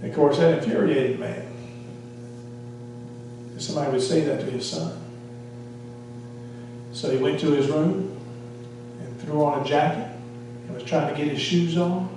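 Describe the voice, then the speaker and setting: A man's voice: a little high, fairly even intonation, measured pace, long pauses, noisy background. A male pastor preaching a sermon, telling a story and putting questions to the congregation. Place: church sanctuary. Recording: echoey church hall, from far off.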